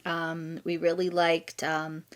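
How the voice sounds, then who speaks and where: A woman's voice: sits low, monotone, slow. A woman co-hosting a casual review podcast, giggly and hesitant with frequent ums. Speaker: podcast co-host reviewing haunted attractions. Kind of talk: casual chat.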